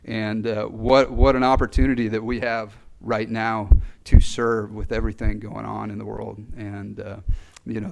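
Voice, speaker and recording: A man giving a graduation address for fire recruits, earnest and halting, with many fillers, speaking into a podium mic. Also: fairly low pitch, vocal fry, darkish tone, poor audio. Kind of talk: ceremonial speech. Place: ceremony hall.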